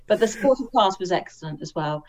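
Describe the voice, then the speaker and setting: A woman's voice: mid-range voice, lively intonation, fast, darkish tone. A woman co-hosting a casual film review podcast, thoughtful and weighing her words. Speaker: podcast co-host. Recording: dull lo-fi audio.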